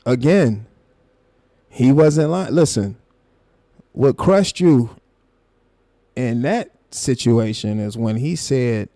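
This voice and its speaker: Gravelly man ranting on stream. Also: medium pitch, expressive, slow pace, pauses often, warm tone, no echo. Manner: confrontational, profane, calls someone out. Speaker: live stream host. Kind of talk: heated commentary rant.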